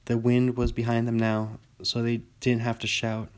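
A man narrating an audiobook in a calm, even way. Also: medium pitch, moderate pace.

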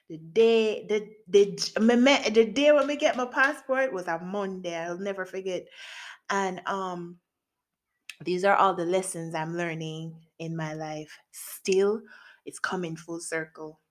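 A woman with a Jamaican accent hosting a podcast, telling a personal story in a lively, casual way with patois, laughing often. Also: medium pitch, normal speed. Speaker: podcast host.

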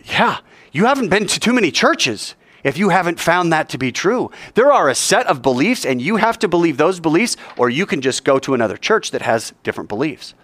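A man's voice: on the high side, brisk, dry recording. A man giving a sermon to students, telling a story in a conversational way and asking his listeners questions. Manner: lively, conversational, asks the audience questions. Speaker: speaker at a school chapel.

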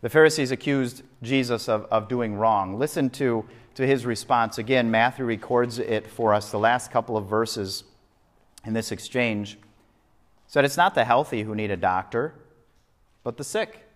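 A man's voice: medium pitch, normal speed. A male pastor preaching a sermon, emphatic and fond of repeating phrases for effect. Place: church sanctuary. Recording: long reverb of a church hall.

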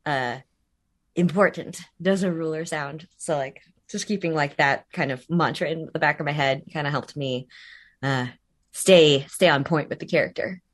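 A woman's voice: low-pitched, normal speed. A woman voice actor talking casually in an interview, rambling with many fillers and restarts, laughing easily. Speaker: voice actor guest.

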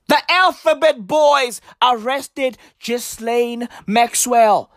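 Woman, comedy rant, high voice that leaps up and down, shouty, profane, dry close sound. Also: lively intonation, slow, no echo. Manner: loud, profane, mock-outraged, often shouting; heavy street slang.

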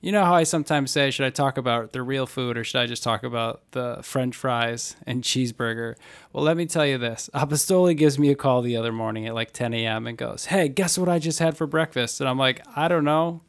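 A man's voice: medium pitch, a little fast, smooth. Young male podcast host, chatty and playful, plain everyday voice. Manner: upbeat, joking, reads ad with acted anecdotes. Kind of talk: casual podcast chat.

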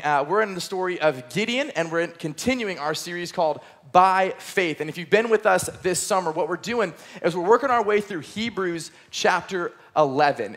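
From a church stage, a young high school pastor preaches an energetic, conversational sermon filled with lots of fillers.

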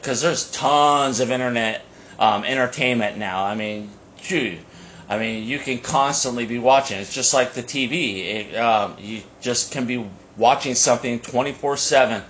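A man's voice: mid-range voice, fairly bright tone, slight background noise. Rambling male podcast co-host. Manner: rambling, many fillers and restarts. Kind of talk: casual chat.

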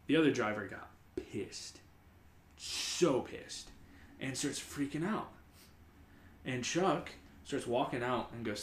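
A male podcast host with a mid-range voice keeps a measured pace, and the recording sounds roomy. He recounts a story in a rambling, animated way, his casual chat loaded with the filler "like."

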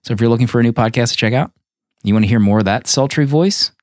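A man's voice: mid-range voice, fast talker, no room sound, clean studio sound. A man hosting a podcast in easygoing, rambling chat. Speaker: podcast host.

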